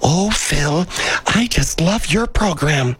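A man's voice: fairly high pitch, animated, takes it slowly, fairly bright tone, husky, pitched above the performer's own voice, full character voice. A man doing a sweet, fawning old lady caller. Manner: gushing, apologetic. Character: sweet elderly woman radio caller, fawning.

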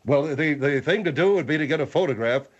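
Guy doing a stiff polite old general, stammers, kinda high, muffled sound. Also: fairly quick, close to an everyday voice. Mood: prim. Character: stiff, formal older military man.

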